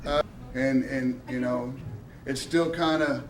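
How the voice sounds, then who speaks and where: A man telling his story at a press event, excited and laughing, acting out the voices of the people he quotes. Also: medium pitch, takes it slowly, recorded from a distance, slight background noise. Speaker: lottery winner at a check presentation. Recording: echoey room.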